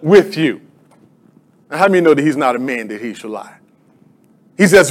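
A man's voice: sits high, big pitch swings, unhurried, pauses often, fairly bright tone. A male pastor preaching a sermon, calling out to the congregation and rising into emphatic declarations.

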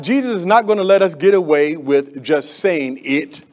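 High-voiced man preaching with fervor. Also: moderate pace. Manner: swings between loud emphatic calls and low asides; calls on the congregation to respond. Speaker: pastor. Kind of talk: sermon.

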